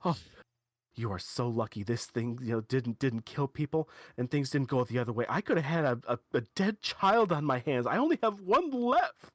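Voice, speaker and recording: A man's voice: medium pitch, expressive, no room sound, studio quality, voice pushed up, lightly acted. A man voicing a hysterical, overprotective mother who scolds and threatens in a tabletop game. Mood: indignant. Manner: frantic, loud and rapid when scolding.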